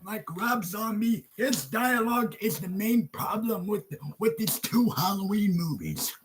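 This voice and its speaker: A man ranting loudly in a horror movie review video, often shouting and swearing. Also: sits high, measured pace, noisy background. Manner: loud, profane, often shouting.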